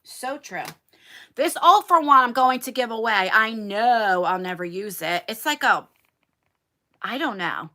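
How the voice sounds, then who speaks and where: A talkative woman chats with her viewers on a livestream from her attic bedroom. Her voice sits fairly high and bright and swings widely in pitch. She talks to them directly, like a friend catching up. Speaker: beauty YouTuber. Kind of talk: casual livestream chat.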